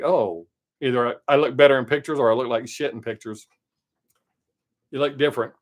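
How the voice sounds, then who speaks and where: A man with a Southern accent, hosting a live stream from home and chatting in a rambling, casual way. He says he tries to talk fast. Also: mid-range voice.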